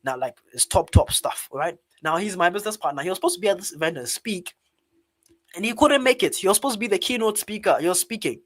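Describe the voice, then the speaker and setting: A man from Ghana with a Ghanaian English accent, telling a story as a public speaking trainer in an online webinar and talking straight to his audience in an animated way. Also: high voice, fast talker. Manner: animated, talks directly to his audience as "guys".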